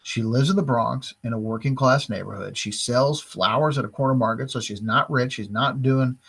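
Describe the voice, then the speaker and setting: A man's voice: medium pitch, moderate pace, creaky, fairly bright tone, breathy edge. A man teaching a literature lesson in a casual, chatty way, often asking "right?" and briefly acting out what the characters say. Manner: chatty, frequent "right?" and "like", acts out quoted lines.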